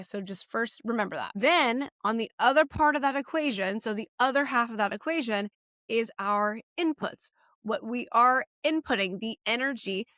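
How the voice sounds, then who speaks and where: A woman's voice: mid-range voice, fairly bright tone, no echo, clean studio sound. A woman in her thirties, a fitness coach host, talking straight to camera in a blunt, sassy way and swearing casually. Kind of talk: direct-to-camera coaching talk.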